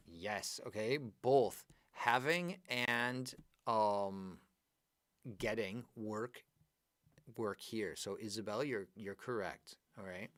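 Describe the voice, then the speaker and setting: A lively male English teacher runs a live grammar class, chatting with his students as he works through the answers. His voice sits on the low side. The sound is dry and close, with no room echo. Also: takes it slowly. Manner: lively, upbeat, chatty, praises students by name. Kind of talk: live online class, going over exercises.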